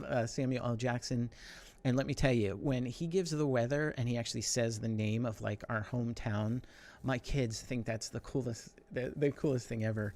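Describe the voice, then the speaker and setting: A middle-aged man giving a conversational tech presentation, with lots of fillers and quick asides. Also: medium pitch, a little mellow. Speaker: conference speaker.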